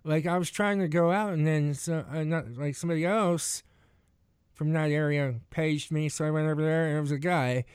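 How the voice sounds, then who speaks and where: Man, higher-pitched voice, dry close sound, rambling storyteller, laughs a lot. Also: fairly even intonation, normal speed, a little mellow, clean tone, no echo. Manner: rambling, laughing, restarts and acted quotes. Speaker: rideshare driver telling stories. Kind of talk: casual podcast chat.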